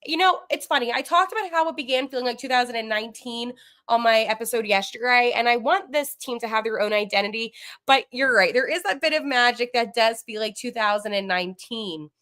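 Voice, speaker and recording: A woman hosts a live post-game sports show from home, her voice bright and sharp with a rather high pitch. She talks excitedly and gets flustered, tumbling into quick asides and fillers as she reacts. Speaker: podcast host.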